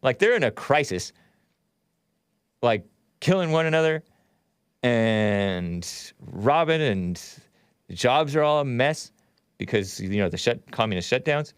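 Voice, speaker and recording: Guy hosting his own stream, rambles a lot, spells stuff out, real smooth voice. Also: mid-range voice, no room sound, clean studio sound. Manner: rambling, spells out names letter by letter. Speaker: show host. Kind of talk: casual livestream commentary.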